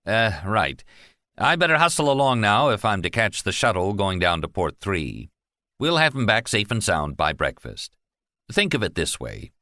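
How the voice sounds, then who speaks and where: A man's voice: fairly low pitch, very animated, moderate pace, sharp tone, dry recording, clean studio sound, voice pushed up. A man voicing Leo, an engineer, speaking in a cheerful, reassuring way in an audiobook. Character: reassuring male engineer, joking lightly. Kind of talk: audiobook character voice.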